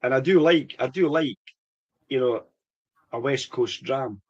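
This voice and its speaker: This middle-aged Scotsman speaks at a medium pitch and a measured pace, with the high frequencies cut off. He's chatty and enthusiastic, laughing often as he talks casually during a whisky tasting.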